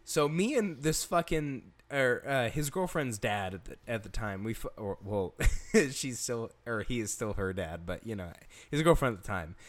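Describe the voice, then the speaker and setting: A man's voice: mid-range voice, moderate pace. A young man co-hosting a podcast, telling a rambling, profane story in casual chat and laughing often. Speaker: podcast co-host.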